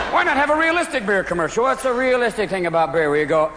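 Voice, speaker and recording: A man performing stand-up comedy, rapid-fire and jumping into many silly voices, recorded at a live venue. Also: high voice, very animated. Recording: loud live audience, noisy hall reverb.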